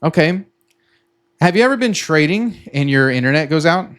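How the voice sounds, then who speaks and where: A man's voice: a little high, expressive, moderate pace, fairly bright tone. A middle-aged man explaining a tech tool to viewers in a casual, rambling way, restarting often and acting out his own panicked reactions. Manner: chatty, repeats himself, acts out his own panicked reactions. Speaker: trading content creator. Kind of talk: casual explainer with sponsor pitch.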